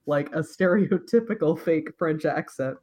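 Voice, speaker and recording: A podcast co-host in casual chat, talking haltingly with restarts and short agreeing replies. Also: mid-range voice, a little mellow. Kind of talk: casual chat about a video game.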